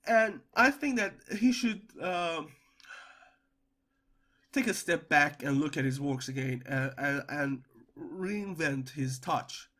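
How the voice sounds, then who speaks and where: A young man talks through his opinions on a film in a loose, unscripted way. He stumbles and repeats words often, filling gaps with "uh". His fairly high voice leaps upward whenever he wants to stress a point. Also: slow pace. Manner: hesitant, lots of stammered repeats and fillers; animated, pitch jumping up when emphatic. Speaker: movie reviewer. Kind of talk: casual spoken movie review.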